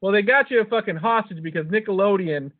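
A man's voice: high-pitched, fast. A man hosting a podcast, telling stories in loose, profane casual banter. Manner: profane, animated storyteller. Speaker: podcast host. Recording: tinny phone-like sound.

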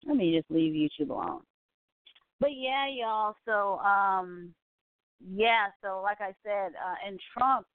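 A woman's voice: mid-range voice, no echo. Chatty woman on a tinny line. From California. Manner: chatty, full of "you know" and asides. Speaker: host of a live online talk show. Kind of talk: casual rambling commentary. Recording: dry, tinny phone-like sound.

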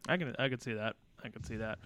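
A man's voice: medium pitch, quick pace, fairly bright tone. A man on a wrestling podcast, chatting casually in brief, easygoing remarks. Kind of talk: casual chat.

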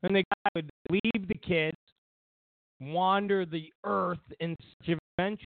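A man's voice: high voice, fairly even intonation, a little slow, creaky, no room sound, phone-quality sound. A male show host telling a meandering, opinionated story, full of fillers and restarts. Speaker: host of political commentary show. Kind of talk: rambling opinionated monologue.

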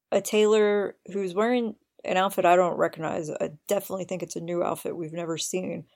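A woman's voice: lowish voice, creaky, darkish tone. A woman hosting a podcast, eagerly recounting scenes in detail with open admiration. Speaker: podcast host. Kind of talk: casual chat.

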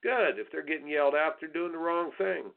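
Blunt folksy coach on a tinny line. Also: male voice, a little high, little pitch movement, quick pace, gravelly. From United States. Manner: blunt, folksy, preachy, mocking soft attitudes in sing-song asides. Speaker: tennis coach and radio host. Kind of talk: coaching advice talk on radio. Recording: tinny phone-line sound.

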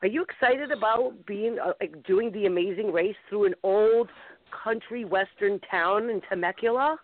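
A woman's voice: medium pitch, normal speed, dry recording. Woman, talk show host, enthusiastic, casual call-in chat, phone-line audio. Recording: tinny phone line, dry.

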